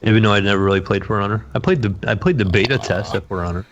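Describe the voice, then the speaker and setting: A man's voice: on the low side, rapid-fire. A man co-hosting a gaming podcast in casual chat, often repeating words as he starts. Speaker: podcast co-host. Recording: dull lo-fi podcast audio.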